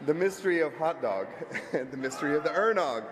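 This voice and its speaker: A man's voice: a little high, animated, a little fast. A man accepting an award for someone else, rambling with shaky, emotional nerves. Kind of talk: nervous acceptance speech. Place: large event hall stage. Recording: echoey hall with ambient crowd noise.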